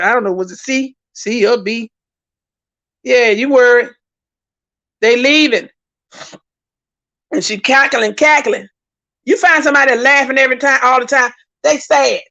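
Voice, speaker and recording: A woman's voice: fairly high pitch, vocal fry, fairly bright tone, muffled recording. A woman host chatting casually on a livestream, reading viewer comments and speaking with emphatic repetition. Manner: talkative, emphatic, repeats herself for emphasis.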